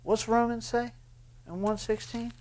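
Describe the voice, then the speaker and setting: A man preaching a sermon, swinging between loud impassioned bursts and hushed, intense lines. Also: extremely high pitch, level tone, a little slow, a little hiss or hum. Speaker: pastor.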